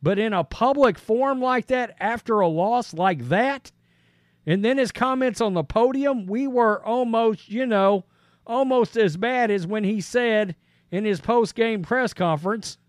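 A man with a high voice hosts a sports podcast and speaks bluntly and casually. He reads out quotes, then jumps in with his own opinion. The recording is dry and close, with no room sound. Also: measured pace, no echo.

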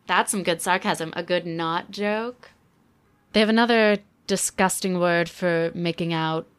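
A woman in her twenties reviewing a book in casual commentary, with sarcastic deadpan asides. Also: lowish voice.

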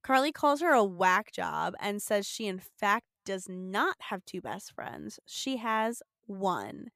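A young woman co-hosts a podcast, retelling a TV episode with lively, profane energy. Her voice is smooth and clear. She is close to the mic in a dry, dead room. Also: mid-range voice, slow, no echo. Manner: swears, animated storytelling with acted quotes. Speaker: podcast co-host. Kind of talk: casual comedic episode recap.

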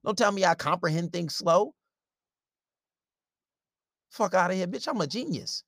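A man's voice: high voice, expressive, unhurried, fairly bright tone, no echo, clean studio sound. A man delivering a blunt, profane advice rant in a confrontational way. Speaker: relationship advice commentator. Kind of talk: ranting advice monologue.

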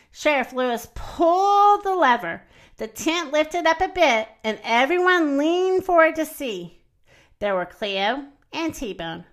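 A woman reading a children's storybook aloud, gentle and expressive, slowing down for emphasis. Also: on the high side. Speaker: reader.

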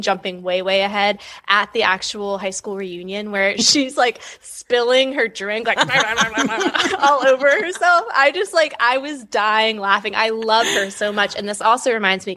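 A woman's voice: on the high side, pushed and bright. Effusive woman with a Mid-Atlantic US accent. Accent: Mid-Atlantic US, long O's. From US Northeast. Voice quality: effusive, says "like" a lot. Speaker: podcast co-host. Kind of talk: casual chat.

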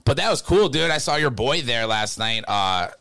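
Young male podcast co-host, lively storyteller, fast bursts, close dry mic. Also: mid-range voice, clear, resonant tone, no room sound. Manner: animated storyteller, fast bursts, filler-heavy. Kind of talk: casual chat.

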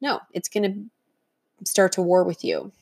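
A woman's voice: fairly low pitch, very animated, a little slow, darkish tone. A woman talks straight to the listener as a diet coach, earnest and encouraging but firm. She teaches in a motivational monologue and briefly acts out the voices she describes along the way.

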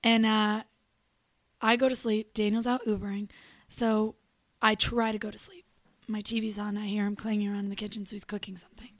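A young adult woman co-hosting a show, telling a story in casual chat, animated and profane, acting out what people said. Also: medium pitch, fairly quick, dry recording. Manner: animated, profane, acts out quotes. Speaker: radio show co-host.

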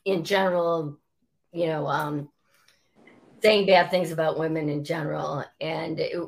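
A woman's voice: a little slow, gravelly. A woman, a former sports reporter telling stories as an interview guest and acting out quotes as she goes. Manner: animated, acts out quotes with rising pitch. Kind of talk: storytelling interview.

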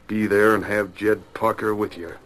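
A hard, scornful outlaw boss, voiced by a man in an old radio western. His voice sits very low and he hands out orders in short, cutting lines. He never raises it much. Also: little pitch movement, normal speed, background noise, close to an everyday voice. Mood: coldly commanding. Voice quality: low, clipped, contemptuous. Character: cold, scheming male outlaw boss, middle-aged. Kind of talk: 1940s radio acting.

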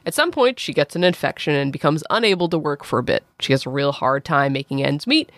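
A woman's voice: deep voice, animated, fast, dry recording. Wry, sarcastic woman co-hosting. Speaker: podcast co-host. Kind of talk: casual comedic chat.

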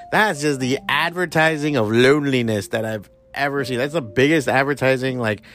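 A man's voice: on the high side, a little fast, faint music behind. Foul-mouthed man ranting on a podcast. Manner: profane, blunt and animated; drops in Spanish slang. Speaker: podcast host. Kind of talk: casual ranting commentary.

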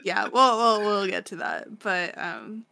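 A woman's voice: medium pitch, slow, vocal fry, bright, forceful tone. A woman co-hosting a podcast, recapping chapters in casual chat, full of fillers and laughter. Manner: chatty, lots of fillers and laughter. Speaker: podcast co-host.

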